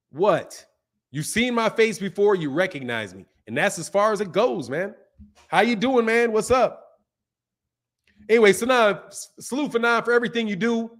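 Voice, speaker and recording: A man's voice: high-pitched, a bit bright. A man hosting a boxing channel, chatting loosely and telling stories, with lots of "man" and "bro". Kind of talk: casual live-stream chat.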